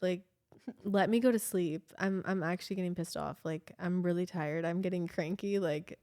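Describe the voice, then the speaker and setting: A young woman casually telling a long story on a podcast, animated and full of "like". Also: lowish voice, moderate pace. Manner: chatty, animated, heavy use of "like", laughs often. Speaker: podcast co-host.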